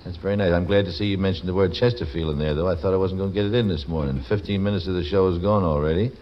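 A very deep-voiced male radio host with a wry, folksy, teasing way of talking. He reads letters and sponsor plugs between jokes. The sound is a dull old broadcast with a faint hiss underneath. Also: rapid-fire. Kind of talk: joking radio patter, reading letters and ads.

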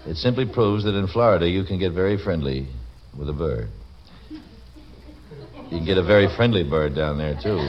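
A very deep-voiced male radio host with a wry, folksy, teasing way of talking. He reads letters and sponsor plugs between jokes. The sound is a dull old broadcast with a faint hiss underneath. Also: expressive, brisk. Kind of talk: joking radio patter, reading letters and ads.

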